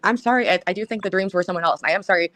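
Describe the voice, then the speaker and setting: A woman streamer talks to a caller on her stream, blunt and exasperated. Her words come out very fast. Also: medium pitch, a bit bright, dry recording. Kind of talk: live stream talk.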